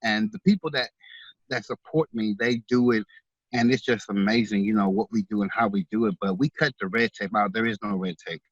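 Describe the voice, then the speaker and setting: Brisk and husky, a lowish male voice belongs to an author and veterans charity organizer giving an interview. He speaks earnestly and sincerely with frequent word repetition, in a lo-fi recording without echo.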